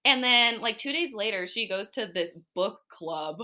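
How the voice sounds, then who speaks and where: A woman's voice: mid-range voice, measured pace. A young woman co-hosting a casual podcast, telling a story with lots of acted-out quotes and frequent laughter. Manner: animated storyteller, acts out quotes, laughs often. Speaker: podcast co-host. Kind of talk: casual chat.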